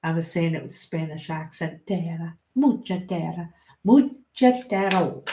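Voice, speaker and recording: A middle-aged woman giving a casual tarot reading, chatty and encouraging, with sudden bursts of excitement. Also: fairly low pitch, a little slow, slight background noise. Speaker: tarot reader. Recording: roomy echo.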